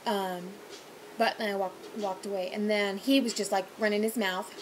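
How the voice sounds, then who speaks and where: A woman's voice: mid-range voice, normal speed, noisy background. A young woman who works as a server, casually telling a story about a rude customer with lots of fillers. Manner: animated, mimics people in loud quoted voices, many fillers.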